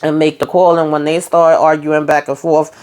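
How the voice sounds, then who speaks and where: A woman's voice: sits low, little pitch movement, moderate pace, darkish tone, smooth. Chatty profane woman recapping a show. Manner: chatty, profane storytelling with frequent fillers. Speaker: TV show reviewer. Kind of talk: casual TV episode recap.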